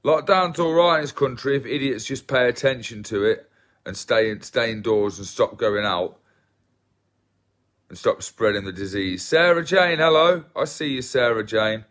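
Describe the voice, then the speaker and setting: A man's voice: fairly low pitch, normal speed, a bit bright. An English man with an English accent chatting casually with viewers on a livestream, self-deprecating and rambling. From England. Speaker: livestream host.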